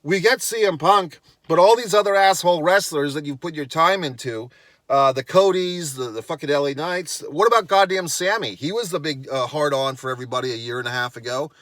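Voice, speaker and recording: A man's voice: fairly high pitch, brisk, fairly bright tone, dry recording. A man delivering a profane, sarcastic rant on his vlog, blunt and dismissive in tone. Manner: sarcastic, heavy swearing. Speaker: wrestling commentator.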